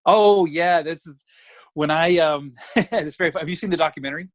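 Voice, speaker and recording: A middle-aged man, a guest comedian telling stories in a casual, animated, chatty way. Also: a little high, a little fast, no room sound. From Alabama, US. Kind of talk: casual anecdotal storytelling.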